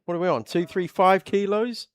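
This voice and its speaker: A man with an English accent doing live motorsport commentary, chatty and quick to react loudly when something happens on track. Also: sits high. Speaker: race commentator.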